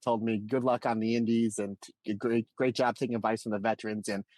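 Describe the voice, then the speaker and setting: A man's voice: on the low side, brisk, no room sound. A man from Pennsylvania co-hosting a podcast, telling a long story in casual chat and acting out the quotes. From Pennsylvania, USA. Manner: animated anecdote-telling with acted-out quotes. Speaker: podcast co-host.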